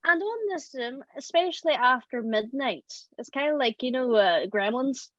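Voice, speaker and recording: An Irish woman, a voice actor, telling stories in an animated, rambling way in casual podcast chat. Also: high voice, normal speed, no room sound, highs cut off. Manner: chatty and animated, rambling storytelling. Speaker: audio drama voice actor.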